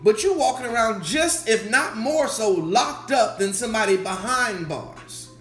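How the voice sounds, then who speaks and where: Animated preacher in an echoey room. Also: male voice, high voice, a little slow. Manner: animated preaching with quoted voices and repetition. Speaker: pastor. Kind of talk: sermon. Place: church sanctuary. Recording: echoey church room with music.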